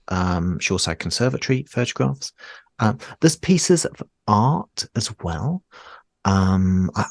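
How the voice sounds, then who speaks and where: A man with a very deep voice runs a tabletop game. He narrates loosely and hesitantly. The sound is dry and close. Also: no room sound. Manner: relaxed, hesitant, many fillers. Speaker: game master.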